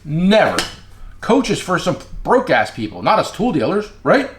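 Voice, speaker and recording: A man's voice: a little high, very animated, normal speed. A man who is an independent tool dealer, giving blunt casual advice, repeating his key phrases.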